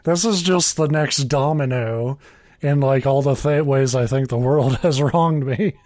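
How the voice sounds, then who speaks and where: A man's voice: medium pitch, measured pace, no echo. Dry-sounding man in casual chat. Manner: deadpan, swearing, self-mocking. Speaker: podcast co-host.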